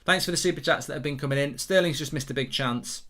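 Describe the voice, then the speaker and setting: A man's voice: on the high side, quick pace, hardly any pauses, sharp tone. A man hosting a football watchalong live stream, rambling and sarcastic, with bursts of swearing and singing along. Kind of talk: casual live-stream chat.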